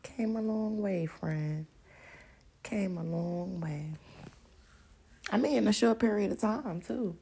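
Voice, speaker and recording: Female podcast host, gravelly rasp, blunt and profane, animated straight-to-listener rant. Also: medium pitch, takes it slowly, pauses often. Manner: animated, laughs often. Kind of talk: casual chat, open discussion monologue.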